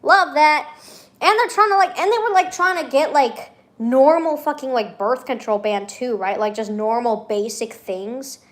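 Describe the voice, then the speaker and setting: A woman's voice: high voice, moderate pace. A young woman venting in a casual vlog, rambling and sarcastic, laughing often between her remarks. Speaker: vlogger.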